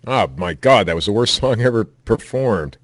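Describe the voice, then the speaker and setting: A man co-hosting a casual podcast, teasing the others with deadpan jokes. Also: on the low side, normal speed, no echo. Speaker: podcast co-host. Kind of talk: casual chat.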